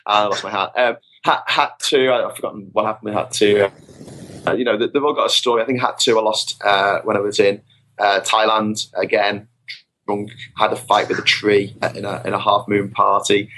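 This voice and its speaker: Podcast guest, male, slightly low and bright, rambling self-mocking storyteller. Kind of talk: casual storytelling. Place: podcast recording.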